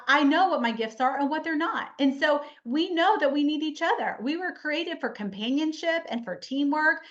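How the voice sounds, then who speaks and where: Lady coach, high voice, chatty and earnest, kinda muffled webinar audio. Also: fairly bright tone. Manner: earnest, chatty, repeats key lines for emphasis. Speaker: life coach and webinar host. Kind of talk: motivational faith-based webinar talk.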